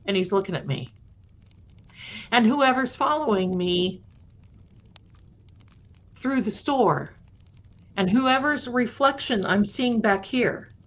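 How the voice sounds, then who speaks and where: A woman host telling her own spooky stories to a live audience in a chatty way, dropping to a hushed voice at tense moments. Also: fairly high pitch, expressive, slow, long pauses, slight background noise. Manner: addresses viewers fondly. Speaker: storytelling host. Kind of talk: casual live storytelling. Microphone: live-stream mic. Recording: dull lo-fi stream audio.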